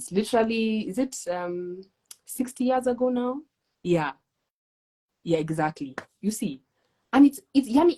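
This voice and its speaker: A woman's voice: mid-range voice, dark tone, slightly rough. A woman hosting an interview, musing in a conversational way.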